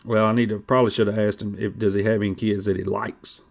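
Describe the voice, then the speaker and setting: A middle-aged man, hosting a casual livestream chat and telling stories in a blunt, profane, animated way. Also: on the low side, fast, gravelly. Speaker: livestream host. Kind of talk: casual card-collecting talk. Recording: dull lo-fi stream audio.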